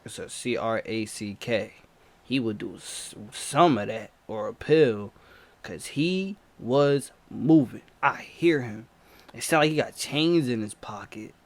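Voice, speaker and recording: A man telling a spooky personal story to camera, full of slang and repeated phrases. His voice sits at an ordinary male pitch, and he speeds up and circles back as he relives the chase. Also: takes it slowly. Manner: slangy, breathless retelling with repetition. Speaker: storyteller vlogger.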